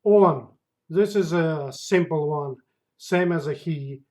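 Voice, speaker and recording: A man's voice: on the high side, slow pace, a little mellow. A man with a Russian accent teaching a language lesson, saying each word with care and repeating it several times. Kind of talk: slow spoken language lesson.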